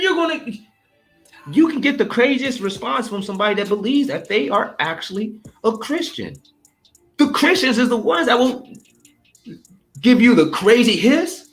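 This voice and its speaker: A man preaches in a heated, combative rant, cursing freely and mocking his opponents. His pitch leaps around with lively swings as he presses his points. The voice rings in an echoey room while faint music plays behind.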